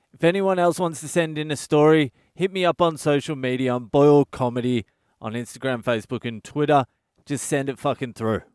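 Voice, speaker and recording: A man's voice: mid-range voice, smooth, no echo, clean studio sound. An Australian man hosting a comedy podcast, telling stories in a blunt, sweary, exasperated rant from a budget hotel room.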